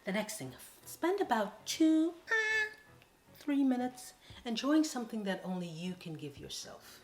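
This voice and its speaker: A woman's voice: fairly high pitch, big pitch swings, unhurried. A woman giving a motivational talk straight to the camera, coaxing and playful, calling her viewers darlings and honey. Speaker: motivational vlogger. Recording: echoey room with faint music.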